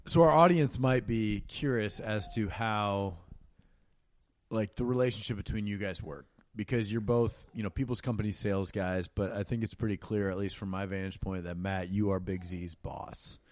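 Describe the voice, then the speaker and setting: A man's voice: on the low side, moderate pace, no room sound. A man with a Midwestern American accent hosting a podcast and asking prodding, joking questions. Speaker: podcast host. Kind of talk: casual interview.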